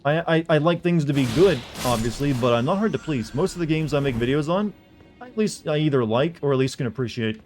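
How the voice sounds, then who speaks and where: A man's voice: a little high, animated, brisk, a little mellow, soft background music. Casual, swearing male game streamer. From American South. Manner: loose and profane, chatting with viewers while playing. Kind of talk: casual livestream commentary.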